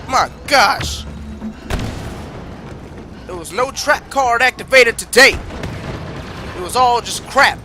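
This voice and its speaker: High-voiced ranting male game streamer. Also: expressive, slow, pauses often. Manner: frustrated, ranting, swings from muttering to shouting. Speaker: gaming streamer. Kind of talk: live gameplay commentary. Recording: game music loud behind voice.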